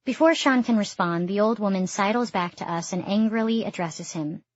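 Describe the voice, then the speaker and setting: A woman reading a first-person audiobook in a steady storytelling manner. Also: medium pitch, normal speed, dry recording. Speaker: audiobook narrator. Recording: dull lo-fi dry recording.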